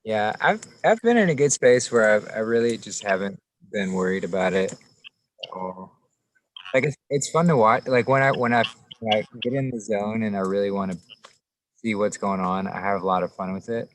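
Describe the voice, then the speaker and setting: A man in relaxed casual conversation, speaking in an easygoing way with fillers, outdoors in a forest. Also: fairly low pitch, moderate pace, rough recording. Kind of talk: casual chat.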